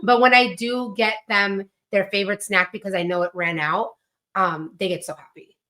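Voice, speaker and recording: A chatty woman talking about family life on a podcast. Her voice sits at a middling pitch and turns animated whenever she mimics her children. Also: moderate pace. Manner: chatty, animated when quoting her kids. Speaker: podcast co-host, mother. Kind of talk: casual chat.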